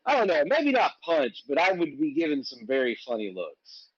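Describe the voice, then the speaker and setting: A man with an Alabama Southern accent jokes and teases his way through a relaxed livestream chat. His pitch rises and falls a lot, and the sound is dry but dull and lo-fi, like call audio. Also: normal speed, husky, no room sound. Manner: joking, teasing banter. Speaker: livestream host. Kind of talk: casual chat.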